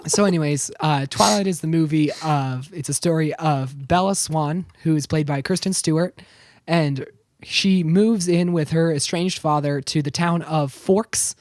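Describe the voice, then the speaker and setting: A man's voice: on the high side, measured pace, a little mellow, no room sound, studio quality. A man with a strained voice, recapping a film plot with sarcastic asides and laughter in a casual podcast chat. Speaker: podcast co-host.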